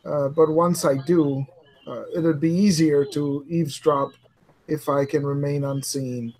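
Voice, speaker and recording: Man, game player, hesitant, slow, slightly high voice. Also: fairly even intonation, darkish tone. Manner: hesitant, many pauses and fillers. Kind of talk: casual game chat.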